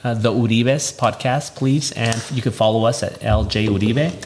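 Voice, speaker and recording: A man's voice: medium pitch, normal speed, background noise. A man co-hosting a late-night couples podcast, talking casually with fillers, sounding tired. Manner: relaxed, fillers, repeats catchphrase. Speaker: podcast co-host. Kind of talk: casual chat.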